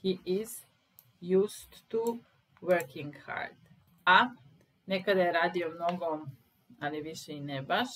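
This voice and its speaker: A woman with a Serbian accent teaching English grammar, patiently stressing example sentences slowly. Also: lowish voice, steady tone, fairly bright tone, low-quality recording.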